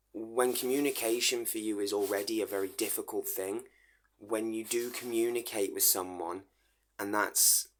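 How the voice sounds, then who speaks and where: A middle-aged man speaks in a low voice that barely rises or falls. He talks earnestly in a personal vlog monologue. He often stammers and restarts his sentences. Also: fairly bright tone. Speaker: vlogger.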